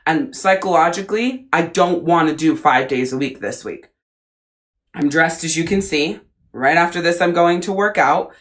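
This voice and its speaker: A woman's voice: low voice, moderate pace. Blunt, profane woman coach. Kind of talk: casual live-stream coaching talk.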